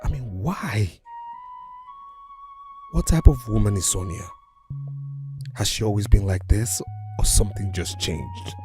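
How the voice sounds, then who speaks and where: A man's voice: lowish voice, sing-song, unhurried, pauses often. A man voicing a husband's puzzled inner monologue. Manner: puzzled, questioning. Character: baffled husband thinking to himself. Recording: voice-over under film music.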